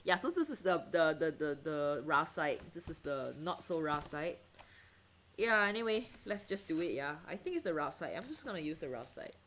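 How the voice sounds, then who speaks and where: Painting during a livestream, a Singaporean woman who sounds to be in her thirties chats casually with viewers, reading their comments, laughing often and trailing off into fillers. Her voice is low, animated and a bit bright at a normal speed, with a little hiss or hum in the recording.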